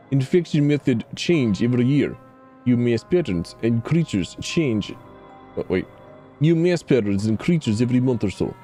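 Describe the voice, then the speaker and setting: A man's voice: mid-range voice, mellow, close to an everyday voice. A man voicing a stern, menacing male camp leader in a put-on Scottish accent, with clipped, threatening lines.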